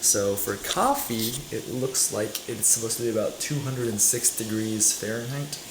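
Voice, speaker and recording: A man's voice: on the low side, animated, moderate pace, noisy background. A young man casually narrating his day's food while making coffee at home, chatty and rambling, often correcting himself. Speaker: vlogger. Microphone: camera mic.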